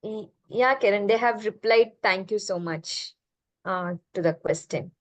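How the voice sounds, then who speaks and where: A woman's voice: medium pitch, a little slow, dry recording. A woman hosting an online session, speaking politely and hesitantly with many fillers. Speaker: session host.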